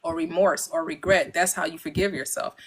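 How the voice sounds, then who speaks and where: A woman's voice: fairly low pitch, sing-song, fairly quick, creaky, husky, low-quality recording. A woman in a casual spiritual chat, talking in a preachy way and stacking words in emphatic runs.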